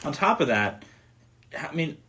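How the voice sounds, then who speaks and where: A man co-hosting a casual podcast, giving animated, opinionated movie reviews and laughing easily. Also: a little high, measured pace. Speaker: podcast co-host.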